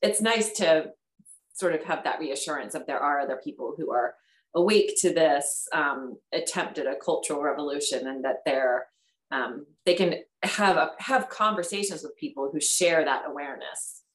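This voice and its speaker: A woman speaking as a panel guest over a video call, thoughtful and measured. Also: deep voice. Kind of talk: casual chat. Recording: roomy echo on a video call.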